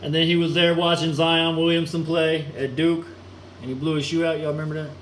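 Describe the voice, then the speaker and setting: A man's voice: fairly high pitch, flat delivery, brisk. A man delivering a crude, mocking, rambling rant, chuckling now and then. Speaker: solo ranting vlogger. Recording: echoey room with air conditioning hum.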